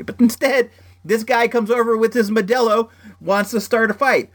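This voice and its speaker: A man hosting a podcast, telling a story in a casual, animated way with lots of "like" fillers. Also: extremely high pitch, moderate pace. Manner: animated, heavy use of "like" fillers.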